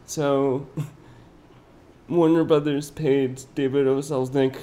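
A man co-hosting a casual podcast about old films, talking in an animated, chatty way with lots of fillers. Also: mid-range voice, extremely slow. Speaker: podcast co-host. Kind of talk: casual film discussion. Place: indoor podcast recording.

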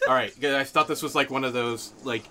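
A man's voice: medium pitch, fast talker, bright, forceful tone, a little hiss or hum. A man co-hosting a casual book podcast, telling stories with lots of fillers. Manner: chatty, tells anecdotes with many fillers. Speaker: podcast co-host. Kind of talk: casual chat.

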